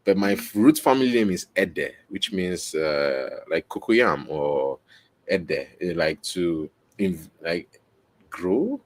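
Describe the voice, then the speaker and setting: A man's voice: low voice, animated, takes it slowly. A man hosting his own podcast, explaining in a rambling, self-correcting way and checking in with "right?" as he goes, recorded on a camera mic indoors. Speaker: podcast host. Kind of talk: casual explainer, teaching on camera.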